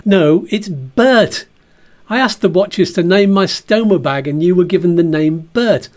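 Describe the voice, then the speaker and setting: A man's voice: high-pitched, animated, measured pace, a little mellow. A sixty-year-old man, recording a chatty, self-mocking personal podcast. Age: 60s. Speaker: video diarist. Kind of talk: comic personal podcast monologue.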